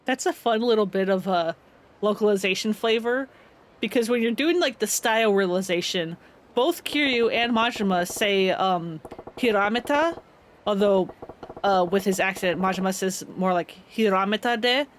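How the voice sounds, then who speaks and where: A woman's voice: mid-range voice, moderate pace, a little hiss or hum. Chatty woman game streamer. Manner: chatty, many fillers like "uh" and "like". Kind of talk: casual gameplay commentary.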